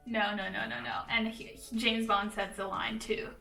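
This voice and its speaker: A young woman, a native Russian speaker from Russia, hosting a casual reaction video with chatty, animated commentary and quick laughs. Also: a little high, creaky, recorded from a distance. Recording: roomy echo, off-mic, faint music underneath.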